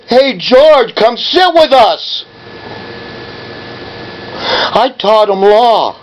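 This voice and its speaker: A man's voice: very high-pitched, dull audio, a little hiss or hum. Angry older man ranting on a call. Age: 70s. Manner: confrontational, badgering, ranting. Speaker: caller.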